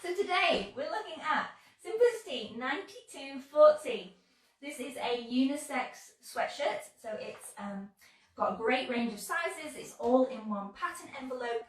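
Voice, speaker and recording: A woman's voice: high-pitched, lively intonation, measured pace. An English woman hosting a live-streamed sewing tutorial, chatty and upbeat, a little under the weather. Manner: chatty and upbeat, greets viewers warmly. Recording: echoey room, mic at a distance.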